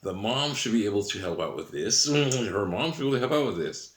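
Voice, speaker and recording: A man's voice: on the low side, animated, a little fast. A man talking casually to camera in a rambling way, chuckling often between sentences. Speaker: channel host. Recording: roomy echo.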